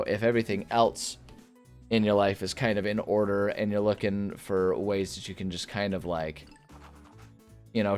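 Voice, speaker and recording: A man hosting a gameplay video, chatting casually and rambling with many fillers. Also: low-pitched. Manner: rambling, filler-heavy, relaxed. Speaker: gaming video host.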